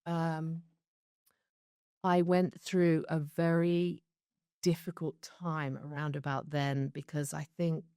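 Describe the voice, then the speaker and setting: A woman's voice: low-pitched, flat delivery, slow, warm tone, smooth, no echo, studio quality. A British woman from London, recounting her life story in a candid interview, chatty and reflective with laughs between stories. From London, England. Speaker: show creator being interviewed.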